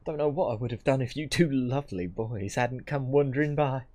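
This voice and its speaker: A man's voice: mid-range voice, a little fast, darkish tone, a little hiss or hum, lightly acted. A man voicing a sweet, chatty old country grandmother with a West Country accent, fussing and motherly. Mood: cheery fussing. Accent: West Country English. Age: older. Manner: chatty, fussing, sing-song.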